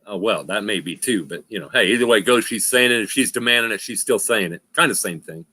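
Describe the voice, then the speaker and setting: A man's voice: fairly low pitch, quick pace, sharp tone, a little hiss or hum. A middle-aged man hosting a casual livestream, rambling through trucking stories with lots of laughs. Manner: rambling, laughs often, says "freaking". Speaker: livestream host. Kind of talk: casual chat and storytelling.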